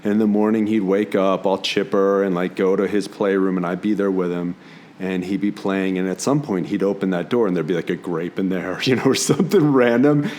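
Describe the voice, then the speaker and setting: A man from the Philadelphia area, a podcast guest telling stories in casual conversation and jumping into high voices when quoting himself. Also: fairly even intonation, brisk. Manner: warm storyteller, jumps into high quoted voices.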